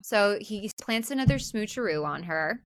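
A woman co-hosting a podcast, talking through a movie scene by scene. She is animated and jumps into higher voices to act out lines. The sound is dry and close to the mic. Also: moderate pace, no echo. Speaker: podcast co-host. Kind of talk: casual film recap chat.

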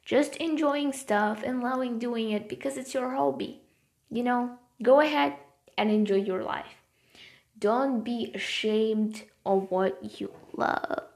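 A woman with a fairly high voice vlogs casually to her viewers at a slow pace, rambling and leaning heavily on "like" as filler. She talks with passion about her hobbies and life, then grows softer and quieter.

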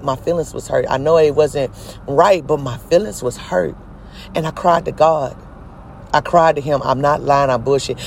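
A man's voice: high voice, vocal fry, slight background noise, rough recording. A man in his twenties telling a personal story in a casual vlog, emphatic, preachy and full of profanity. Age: 20s. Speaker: vlogger. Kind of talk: casual testimony monologue.

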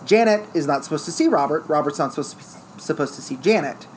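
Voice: mid-range voice, lively intonation, fast, slight background noise. A speaker in casual chat retelling a story step by step, now and then acting out quoted lines.

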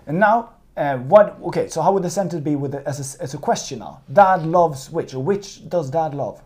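A man tutoring in a casual lesson, patient and playful, slowing down and repeating words to demonstrate. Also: a little high, expressive, a little mellow. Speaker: Chinese tutor. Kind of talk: casual one-on-one language lesson.

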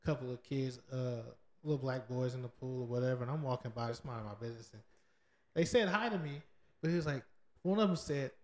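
A man's voice: mid-range voice, quick pace. Laid-back man in an echoey room. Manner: laid-back, storytelling, easily amused. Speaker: podcast co-host. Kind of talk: casual chat. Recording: echoey room with faint noise.

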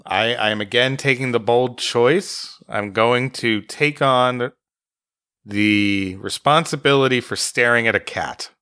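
Man, co-host, jokey and laughing, bright tense tone, dry close sound. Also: medium pitch, a little slow, clear, resonant tone, no room sound. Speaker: player, co-host. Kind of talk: casual chat, making choices in a gamebook.

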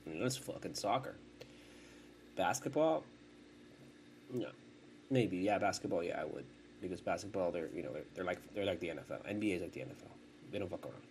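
A man's voice: deep voice, lively intonation, brisk, creaky, pauses often, darkish tone, slight background noise. A man in his forties hosting a podcast, chatting in a casual, rambling way, swearing often and cutting himself off mid-thought. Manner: profane, rambling, self-interrupting. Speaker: podcast host.

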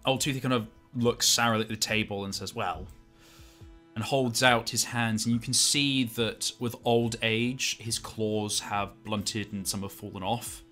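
Guy running a tabletop game, kinda rambly, lots of ums and likes, bright voice, faint music in the background. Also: on the low side, steady tone, moderate pace, hardly any pauses. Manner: rambling, casual, many fillers. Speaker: game master. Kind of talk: narrating a tabletop role-play game.

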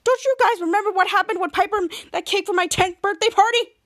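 A man's voice: extremely high pitch, fast talker, fairly bright tone, voice pushed up. A woman reading the lines of a disbelieving teenage boy who drags his words out. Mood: incredulous.

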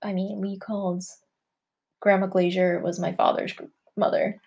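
A woman co-hosting a chatty podcast, delivering stories in a blunt, matter-of-fact way. Her voice is middle-pitched and her tone is dry. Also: level tone, moderate pace, creaky, a little mellow. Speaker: podcast co-host. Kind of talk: casual chat.

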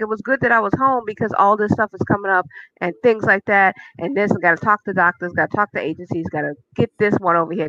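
Woman cohost chatting loose and funny, bright sharp voice, dry lo-fi sound. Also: mid-range voice, no room sound. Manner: reads scripture with comic exaggeration, laughs often. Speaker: podcast co-host. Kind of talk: casual chat, dramatic reading of a psalm.

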